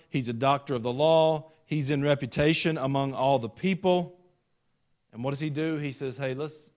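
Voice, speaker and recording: A middle-aged man with a Southern US accent, preaching a sermon as pastor, rising and falling in volume. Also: medium pitch. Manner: preacherly, rises and falls in volume.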